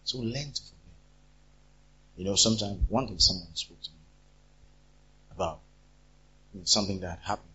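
A man's voice: on the low side, normal speed, long pauses, breathy edge. A man preaching a sermon, acting out quarrels as he talks. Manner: animated, acts out quarrels in different voices. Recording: dull lo-fi recording.

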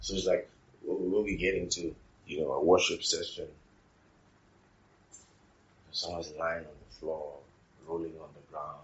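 A man's voice: low-pitched, little pitch movement, measured pace, pauses often, dull audio. A man preaching a sermon, repeating his phrases and putting rhetorical questions to the congregation.

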